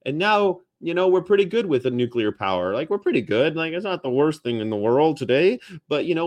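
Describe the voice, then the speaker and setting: Male host, lively pitch, rambling and profane casual chat. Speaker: podcast host.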